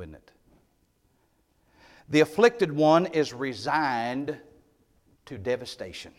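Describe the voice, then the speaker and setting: A man preaching a sermon, moving between loud, emphatic declarations and hushed, quiet passages. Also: on the high side, expressive, slow, pauses often. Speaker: pastor. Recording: long hall reverb.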